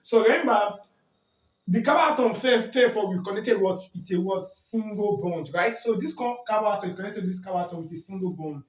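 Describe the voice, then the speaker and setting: A man's voice: high voice, expressive, brisk. A man teaching a chemistry lesson, asking questions and answering them himself, and often asking "do you get that?". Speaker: chemistry tutor. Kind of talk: exam-prep lesson at a board. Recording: echoey room, mic far off, dull sound.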